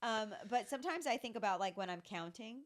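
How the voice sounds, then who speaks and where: A woman's voice: on the high side, expressive. A woman co-hosting a podcast with her husband, talking frankly and casually about parenting. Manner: quick, frank, swears casually. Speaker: podcast co-host, mother. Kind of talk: casual chat.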